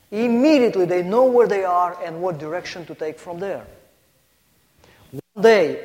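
With long hall reverb around him, a man gives a guest sermon to a congregation in a darkish voice that sits high. He is emphatic, stacking up points and weaving in a story.

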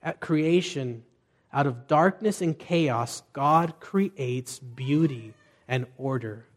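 A man's voice: mid-range voice, slow pace. A middle-aged man preaching a conversational sermon as pastor, telling family stories with restarts and asides.

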